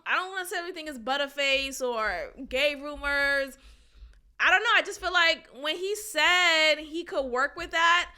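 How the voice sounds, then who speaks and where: A woman's voice: high voice, bright, forceful tone. A woman hosting a podcast, chatting casually about a reality show in a blunt, opinionated way, swearing and laughing often. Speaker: podcast host.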